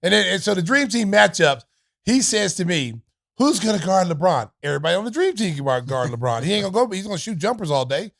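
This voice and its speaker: A man with a gravelly, tense and bright voice, recorded dry and close. He hosts casual sports chat and talks emphatically, repeating words as he builds each point. He is in a podcast studio. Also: high voice, big pitch swings, quick pace, no room sound. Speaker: podcast host.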